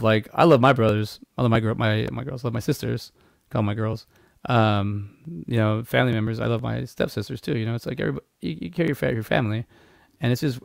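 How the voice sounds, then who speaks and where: A man on a movie podcast talks fast in a gravelly voice, rambling and swearing freely. He keeps restarting his sentences as he chats casually into a close, dry mic. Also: mid-range voice, no echo. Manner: rambling, loose and profane, with many restarts. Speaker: podcast co-host.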